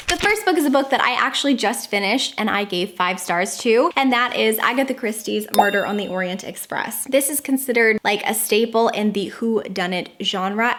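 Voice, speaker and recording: A woman's voice: mid-range voice, a bit bright. An American woman giving enthusiastic, casual book recommendations, stretching words for emphasis. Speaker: book reviewer.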